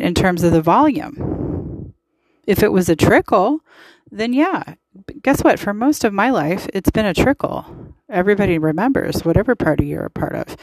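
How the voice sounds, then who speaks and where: A woman's voice: medium pitch, a little mellow, dry recording, rough recording. A woman hosting a podcast, giving casual political commentary in a chatty, emphatic way with lots of fillers. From United States. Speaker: podcast host.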